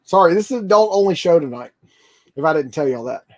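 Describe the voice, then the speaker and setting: A man hosting a casual livestream, talking in a rambling, excitable way with lots of fillers. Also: fairly high pitch, fast talker. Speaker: toy channel livestream host.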